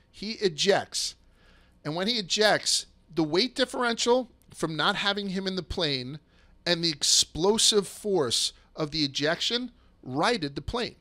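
Excitable, swearing male storyteller, bright voice. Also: on the high side. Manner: rushes and restarts when excited. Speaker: podcast host. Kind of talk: casual storytelling chat.

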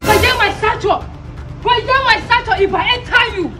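A woman's voice: very high voice, moderate pace. A woman with a Nigerian accent playing a short, boastful woman who shows off pompous, mangled big English words. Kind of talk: comedy skit acting. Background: music.

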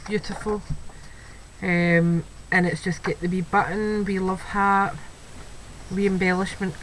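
A Scottish woman with a mid-range voice hosts a crafting video from home, casually showing off an item while gushing and filling her speech with "wee"s and "um"s. The recording is rough, with faint household noise and a child audible in the background.

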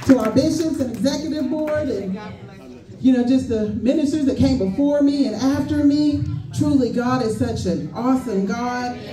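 A woman's voice: high voice, moderate pace, a crowd in the background. Older female minister, emotional call-and-response sermon, echoey church hall from a distance. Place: church sanctuary.

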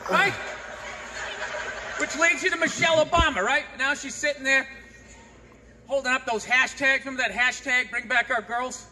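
Sarcastic, ranting stand-up comedian man, very high voice. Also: fairly even intonation, normal speed, long pauses. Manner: sarcastic, ranting, with sudden shouts. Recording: long hall reverb, audible noise.

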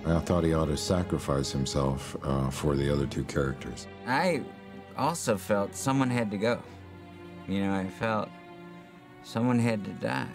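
A man doing a lowered-voice impression of an older male filmmaker, talking slowly and ponderously. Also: over music. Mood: musing.

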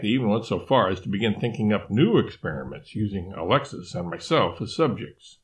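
A man reading a storybook aloud in a measured, formal, wordy narration. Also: fairly low pitch. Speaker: audiobook narrator.

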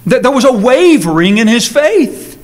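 A man preaching a sermon as a pastor, earnest, moving between quick asides and slow, emphatic phrases. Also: very high voice, sing-song. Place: church sanctuary.

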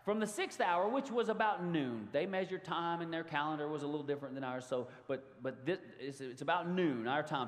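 Preacher guy, high voice, big swings and shouts, long church echo. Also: brisk, few pauses. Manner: animated preaching with sudden loud outbursts. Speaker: pastor. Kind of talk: sermon. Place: church sanctuary. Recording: long hall reverb.

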